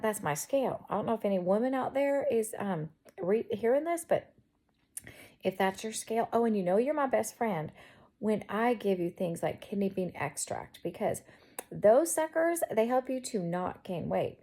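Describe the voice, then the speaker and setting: A woman with a Southern accent rambles in a casual chat from her bedroom. Her voice sits fairly high but sounds mellow and dark in tone, with a gravelly fry running through it. She talks in a quirky, chatty way. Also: big pitch swings, moderate pace. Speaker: vlogger.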